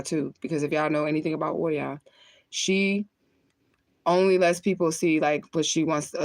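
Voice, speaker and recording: A woman's voice: deep voice, a little mellow, no echo. A woman chatting casually on her livestream, rambling and cursing, laughing often as she smokes between thoughts. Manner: talks while lighting and smoking. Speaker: spiritual reader on a livestream.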